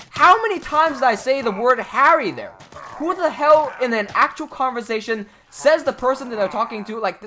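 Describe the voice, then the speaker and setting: A man's voice: extremely high pitch, pushed and bright. Male streamer, emphatic and outraged, casual storytelling, faint background hiss. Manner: emphatic and indignant, voice rising when outraged. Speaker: livestream host.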